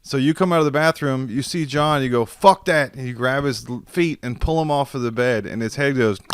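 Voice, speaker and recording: A man's voice: mid-range voice, fairly quick, clear, resonant tone, no room sound. A man telling a long funny story in casual chat over a video call, acting out the quotes and laughing often. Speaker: podcast guest. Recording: dry video call audio.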